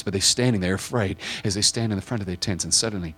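Husky man preaching a vivid scene. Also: lowish voice, very fast, few pauses, a bit bright. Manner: vivid second-person storytelling; repetitive, building intensity. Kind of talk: guided scripture visualization.

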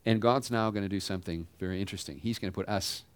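A pastor giving a sermon in a conversational style, asking the congregation rhetorical questions. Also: male voice, low-pitched, quick pace, clear, resonant tone, no echo.

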